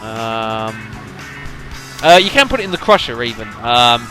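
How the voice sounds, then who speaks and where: A man's voice: mid-range voice, sing-song, unhurried, bright, forceful tone, soft background music. A man giving casual gameplay commentary, rambling with lots of fillers and addressing the audience as folks. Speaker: let's play commentator.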